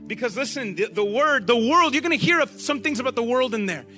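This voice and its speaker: A man preaching a sermon to a group, animated and often asking them questions. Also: extremely high pitch, fairly quick, soft background music.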